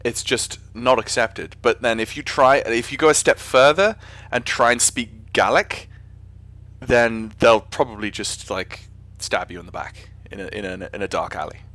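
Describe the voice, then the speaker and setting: A man's voice: mid-range voice, normal speed, fairly bright tone. A man with an English accent chatting casually on a live stream while flying a simulator, rambling and often correcting himself. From England. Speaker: flight sim streamer.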